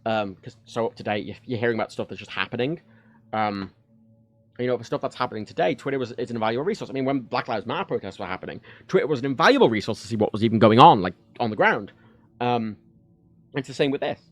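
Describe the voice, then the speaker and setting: Male streamer, mid pitch, frank, rambling chat at a desk mic. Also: lively intonation, fast talker. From United Kingdom. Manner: rambling, frank, many fillers and restarts. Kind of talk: casual livestream chat. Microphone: desk microphone.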